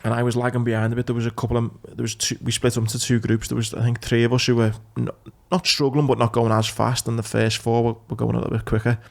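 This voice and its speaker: A man hosts a casual podcast chat and tells a long story with plenty of swearing. His voice is gravelly, with a lot of fry. He keeps his pitch fairly flat and level. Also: fast talker, few pauses. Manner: swears freely, rambling anecdotes. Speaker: podcast host.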